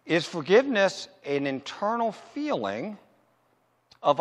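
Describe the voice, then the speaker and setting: A man preaching a sermon as pastor, asking rhetorical questions and answering them himself, slowing down to stress his points. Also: high-pitched, very animated, fairly bright tone, in a large hall. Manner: emphatic, slows down to stress points.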